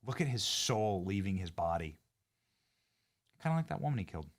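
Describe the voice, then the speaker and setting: A man hosting a commentary show, reacting to a clip in a mocking, indignant way, jumping between loud outbursts and muttered asides. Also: fairly low pitch, big pitch swings, a little fast. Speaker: political commentary host.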